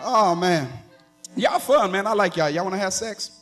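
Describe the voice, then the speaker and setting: A man performing an animated stand-up set on a theater stage, working the crowd with a drawl. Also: high-pitched, moderate pace, soft background music. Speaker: stand-up comedian. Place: theater stage with live audience laughing.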